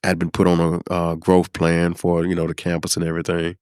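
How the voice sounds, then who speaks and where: A middle-aged man from South Dallas, a podcast guest telling a personal story in an unhurried, reflective way, with many pauses and fillers. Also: low-pitched, monotone, a little mellow, clear, resonant tone, no echo, clean studio sound. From South Dallas, Texas. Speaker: podcast guest, former high school principal.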